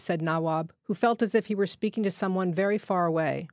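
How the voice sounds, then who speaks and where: A woman reading a literary short story aloud in a measured, steady way. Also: on the low side, no room sound, clean studio sound. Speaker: fiction reader.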